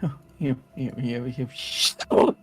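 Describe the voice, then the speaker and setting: A player voicing an anguished tabletop character who stammers, pleads and shouts while losing control. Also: medium pitch, drawn-out words. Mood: frantic. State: panicked.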